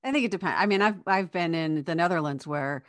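A woman's voice: lowish voice, fast, no echo, clean studio sound. A woman from the United States co-hosting a casual chat, an amused, chatty storyteller. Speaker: podcast co-host.

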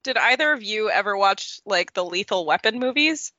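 A young woman chats on a podcast, telling stories about herself with easy, self-deprecating humor. Her voice is bright and a touch high. The audio is dry and a little muffled and lo-fi. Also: lively intonation, normal speed, no room sound. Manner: chatty, self-deprecating storyteller. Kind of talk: casual podcast chat. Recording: slightly dull lo-fi audio.

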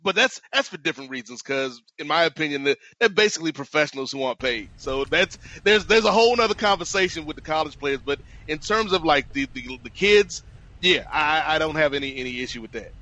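A man hosting a podcast in a bright, forceful voice a little above the usual pitch. He talks conversationally and keeps addressing his co-host by name. The sound is dull and lo-fi, like a remote call. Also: expressive, brisk. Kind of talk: casual podcast discussion.

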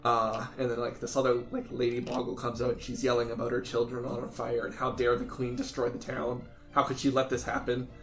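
A man running a tabletop game, talking through each scene loosely with plenty of "uh" and "like". His voice sits at an ordinary pitch and carries a roomy echo, with faint music underneath. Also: completely flat delivery, fairly quick, hardly any pauses. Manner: rambling, filler-heavy scene narration. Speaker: game master.

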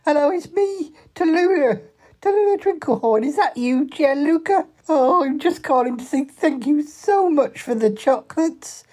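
Woman doing a high fussy old mum. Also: animated, normal speed, a little mellow. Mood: delighted.

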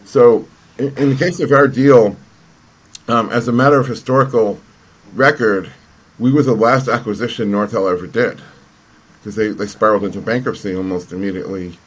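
A man's voice: lowish voice, fairly even intonation, normal speed, slightly rough. A man telling a long story in conversation, rambling with frequent restarts and fillers. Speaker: entrepreneur guest.

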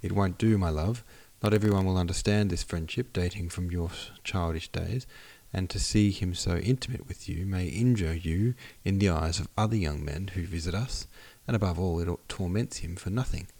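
A man reading the lines of a fond aristocratic mother in an audiobook, admonishing gently and patiently. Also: deep voice, normal speed, gravelly, hardly any pauses. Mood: gently scolding.

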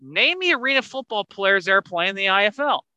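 A man hosting a casual sports podcast, talking in an animated way that gets higher when he drives a point home. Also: a little fast, clear, resonant tone, dry recording, lo-fi sound. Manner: animated, rising pitch when making a point. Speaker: podcast host.

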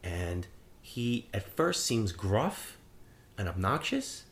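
Man, low voice, podcast co-host, casual profane film chat, rambles. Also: very animated, slow.

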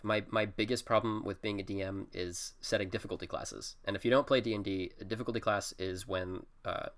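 Very low-voiced man, halting podcast chat. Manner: hesitant, halting, many uhs and restarts. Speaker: podcast co-host, game master. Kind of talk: casual chat.

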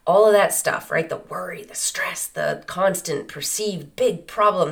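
A woman's voice: fairly low pitch, unhurried, vocal fry, few pauses. A woman hosting a solo podcast, talking in an earnest, conversational way with many rhetorical questions. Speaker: podcast host. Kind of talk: reflective solo podcast monologue.

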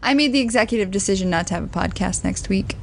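A woman's voice: mid-range voice, lively intonation, fast, gravelly, slight background noise. A woman hosting a podcast in casual chat, bubbly and teasing, laughing often. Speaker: podcast host.

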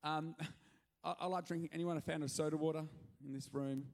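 Gravelly, lively male pastor preaching. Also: fairly high pitch, a little fast. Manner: animated and jokey, with sudden loud rises. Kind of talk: energetic sermon. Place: church hall.

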